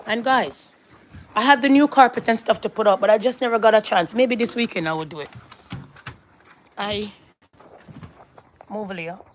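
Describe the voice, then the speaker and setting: Carrying a handheld phone through her house and backyard garden, a woman vlogger chats casually and keeps calling out to her viewers. Her voice is mid-range, with slight background noise.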